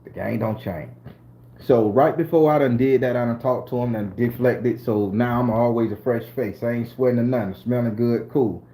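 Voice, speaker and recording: This storyteller, a middle-aged man from southern Florida who hosts a channel, talks to camera with a Southern US accent. His medium-pitched voice is mellow and moderately paced, while his language is slangy, profane and streetwise.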